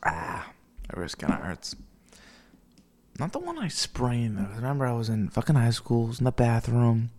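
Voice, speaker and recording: A man's voice: mid-range voice, big pitch swings, moderate pace, a little mellow. A drunk young man rambling alone, profane and meandering, with mumbled asides. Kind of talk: rambling solo monologue.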